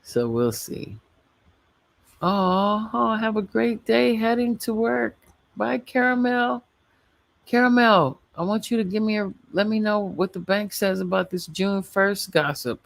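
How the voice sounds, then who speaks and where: Rambling, chatty woman with a gravelly voice. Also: mid-range voice, a little slow, no echo. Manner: chatty, rambling, laughs often. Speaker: livestream host. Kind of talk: casual livestream chat.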